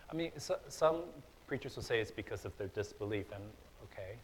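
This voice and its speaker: A man's voice: on the low side, animated, a little fast, a little hiss or hum, rough recording. Casual young man preaching a sermon. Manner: casual, conversational preaching with fillers and repeated starts; builds to loud, emphatic passages. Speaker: pastor. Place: church hall.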